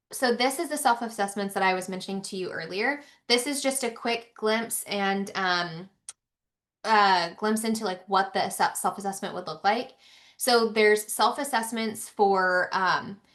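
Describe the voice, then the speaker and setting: A woman's voice: mid-range voice, a bit bright. A woman giving a live training webinar, chatty and informal with many ums and restarts, heard through a computer mic.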